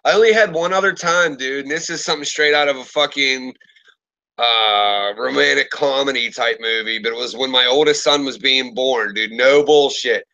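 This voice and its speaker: A man's voice: mid-range voice, moderate pace, highs cut off. A man in his thirties casually telling profane stories in a live chat, acting out the people in them. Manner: profane, animated storyteller with lively quoted voices.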